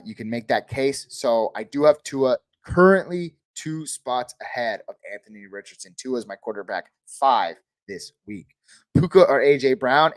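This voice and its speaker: Male livestream host, mid-pitched, dry close-mic sound, rattles off quick start-or-sit calls. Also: dry recording. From Northern California. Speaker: fantasy football livestream host. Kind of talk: live Q&A answering chat questions.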